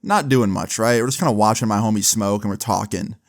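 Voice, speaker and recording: A man with a fairly low voice tells a story in a casual, laid-back way, with frequent swearing and many uses of 'like'. His voice sounds dry and close, with no room echo. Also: a little fast. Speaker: storyteller vlogger.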